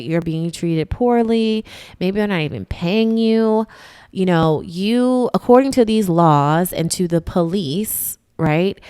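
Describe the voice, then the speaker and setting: A woman's voice: on the low side, darkish tone, clear, resonant tone. A woman hosting a podcast, explaining history in a conversational, emphatic way and often checking in with her listeners. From United States. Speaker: podcast host.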